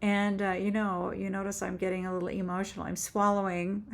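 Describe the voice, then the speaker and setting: A woman in her seventies telling a heartfelt personal faith story on her own channel, halting and earnest with frequent restarts. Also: medium pitch, level tone, creaky. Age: 70s. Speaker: author and YouTuber. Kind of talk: personal faith testimony vlog.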